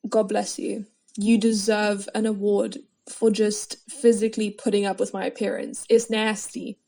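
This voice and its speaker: A woman's voice: on the high side, darkish tone. A young woman hosting her own podcast, chatting casually and dramatically with self-mocking asides. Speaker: podcast host. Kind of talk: casual solo podcast chat.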